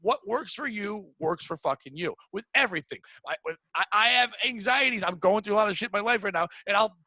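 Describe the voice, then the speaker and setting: A man's voice: high voice, expressive, brisk, pushed and bright, no echo, rough recording. A middle-aged man hosting a podcast, venting bluntly and profanely in casual chat. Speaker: podcast host. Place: home room.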